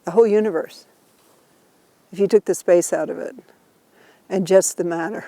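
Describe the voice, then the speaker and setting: A woman's voice: fairly low pitch, fairly even intonation, moderate pace, dark tone, dry recording. A woman teaching a group outdoors, explaining ideas patiently and laughing often as she talks. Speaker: Buddhist teacher leading a tour. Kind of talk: informal teaching while walking.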